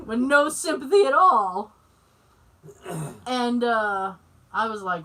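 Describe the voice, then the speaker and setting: A woman in her forties co-hosting a podcast, telling family stories in casual chat, animated, laughing often and swearing freely. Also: sits high, unhurried. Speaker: podcast co-host. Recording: distant mic, noisy.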